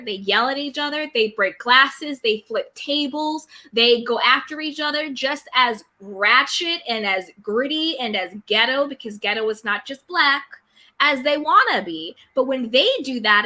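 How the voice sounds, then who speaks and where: A woman co-hosting a relaxed panel talk, her voice bright and a little high. She is animated and often slips into mocking impressions of other people. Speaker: co-host. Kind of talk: casual panel chat.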